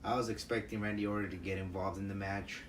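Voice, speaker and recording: A man with a lowish voice co-hosts a podcast in casual chat. He chips in with short, agreeable remarks. He sits a little away from the mic, and faint noise runs under him. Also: flat delivery, quick pace, recorded from a distance. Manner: agreeable, brief interjections. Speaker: podcast co-host.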